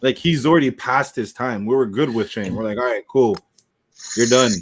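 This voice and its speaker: A man co-hosting a podcast, telling stories in an animated, casual way and swearing freely. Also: mid-range voice, moderate pace, slight background noise. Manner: animated storytelling with profanity. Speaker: podcast co-host. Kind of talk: casual chat.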